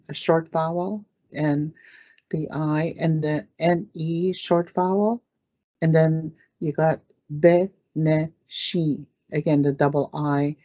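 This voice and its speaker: A woman teaching words in a language lesson, saying each word slowly, repeating it, and clearing her throat now and then. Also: sits low, warm tone, no room sound. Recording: dull lo-fi dry recording.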